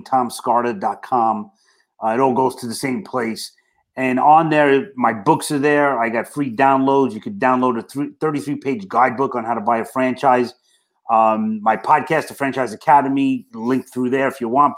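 A man with a Brooklyn accent, speaking as a franchise consultant guest in a casual interview, plain-spoken and easygoing. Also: mid-range voice.

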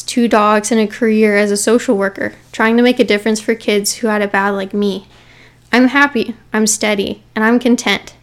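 A young woman reads a scary story aloud in a steady, measured voice that sits a little high. She drops to a whisper at the chilling moments. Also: clear, resonant tone. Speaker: podcast host reading a story.

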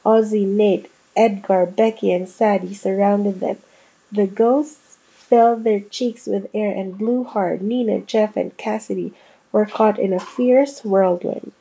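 A woman reading a children's ghost storybook aloud, voicing the kids' lines with a lively lift. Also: medium pitch, unhurried, vocal fry, slightly rough, poor audio. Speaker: audiobook reader. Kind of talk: storybook narration.

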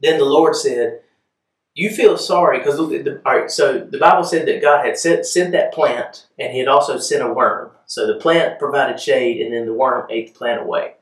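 Speaking at a normal speed with fairly even intonation, a medium-pitched pastor gives a conversational sermon in a church hall. He repeatedly asks the room if they follow, and his voice echoes from a distance away from the mic.

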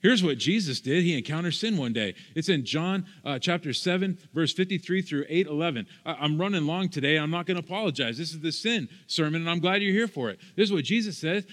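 A man's voice: a little high, animated, fairly quick, hardly any pauses, fairly bright tone. A male pastor preaching a sermon, talking in a conversational, emphatic way with asides to the congregation. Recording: hall reverb.

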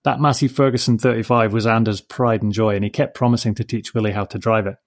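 A man reading a children's story aloud in a gentle, measured way, softly giving voice to the dialogue. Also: on the low side, fairly even intonation. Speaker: narrator. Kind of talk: storybook narration.

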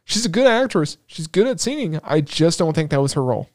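A young man chats on a podcast in a slightly raised voice, excitable and rambling, cracking jokes. The sound is dry and close. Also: on the high side, fairly quick, no room sound. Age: young adult. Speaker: podcast co-host. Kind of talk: casual chat.

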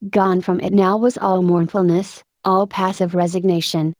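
A woman narrating a story in a steady, measured reading voice. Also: fairly low pitch, dry recording. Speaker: audiobook narrator.

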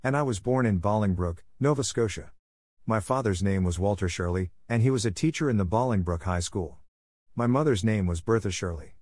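A man's voice: fairly low pitch, fairly quick, darkish tone, no echo, close to an everyday voice. A man reading the part of an eager, dreamy eleven-year-old orphan girl in an audiobook, in a gushing way.

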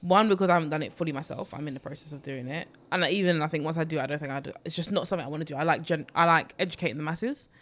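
A young woman with a London accent, a podcast guest chatting casually about personal finance and telling stories in animated bursts. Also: low voice. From East London. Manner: animated storyteller, rapid bursts with sudden slow emphasis. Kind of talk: casual chat.

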